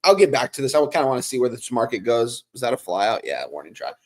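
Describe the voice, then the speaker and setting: A man's voice: mid-range voice, big pitch swings, fast. A man co-hosting a sports betting show, thinking aloud about a wager with hesitant fillers. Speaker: co-host. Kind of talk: casual sports betting chat.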